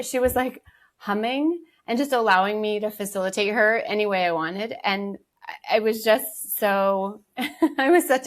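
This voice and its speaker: A woman guest on a casual podcast chat, an energy healer telling her story in a careful, reflective way. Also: mid-range voice.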